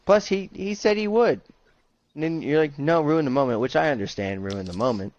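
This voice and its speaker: A man's voice: fairly high pitch, very animated, moderate pace, a little mellow, dry recording, muffled recording. A young man co-hosting a podcast with his father, chatting casually and chiming in with joking, profane quips. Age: young adult. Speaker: podcast co-host, son.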